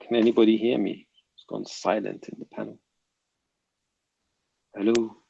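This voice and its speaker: Male streamer-host, gravelly, dry and muffled online audio, reads the chat aloud and banters. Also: lowish voice, steady tone, moderate pace, warm tone. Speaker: livestream panel host reading chat. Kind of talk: casual livestream chat.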